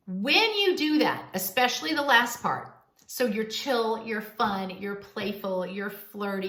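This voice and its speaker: A woman coaching viewers on dating in a playful, animated advice vlog. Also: mid-range voice, roomy sound. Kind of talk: direct-to-camera advice vlog.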